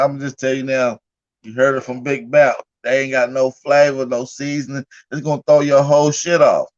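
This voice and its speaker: A man talking casually on a livestream at a middle pitch, loose and profane, breaking into laughter as he tells his stories. The audio is a bit muffled and lo-fi, like a low-quality stream capture. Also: level tone, brisk. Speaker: livestream host.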